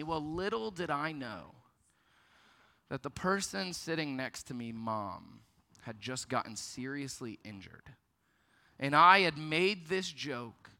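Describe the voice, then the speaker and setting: High-voiced young man, sermon to teens, ringing hall reverb. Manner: storytelling, lively, self-deprecating. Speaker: youth pastor. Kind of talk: youth ministry sermon.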